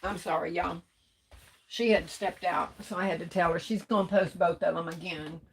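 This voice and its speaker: A woman's voice: fairly low pitch, fairly even intonation, moderate pace, a little hiss or hum. A middle-aged woman hosts a casual livestream, reading out comments and greeting viewers while she holds back coughs and sneezes. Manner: chatty, greets viewers warmly with "hey, baby". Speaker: livestream host.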